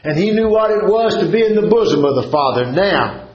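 A man's voice: high-pitched, expressive, fairly quick, a little mellow, echoey room, highs cut off, a little hiss or hum. A male preacher, preaching a sermon in a fervent cadence and repeating phrases for emphasis.

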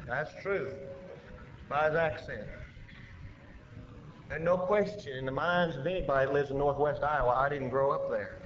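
A man preaching a sermon, swinging between loud emphatic rises and quiet drops, recorded lo-fi in an echoey church with faint hiss. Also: mid-range voice, fairly even intonation, fairly quick, few pauses. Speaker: pastor.

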